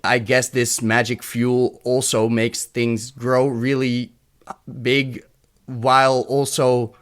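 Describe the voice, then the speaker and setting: A man from Europe co-hosting a podcast, picking apart a film in loose, casual talk. He is frank and sardonic and swears freely, with a voice of ordinary middle pitch. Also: little pitch movement, slow, a bit bright, clear, resonant tone. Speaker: podcast co-host. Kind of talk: casual film review chat.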